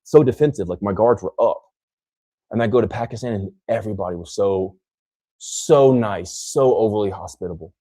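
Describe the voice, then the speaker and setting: A man's voice: on the low side, normal speed, warm tone, dry recording, clean studio sound. A young man from the United States hosting a podcast, rambling in casual chat and filling his talk with "like". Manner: rambling, heavy use of "like". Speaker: podcast host.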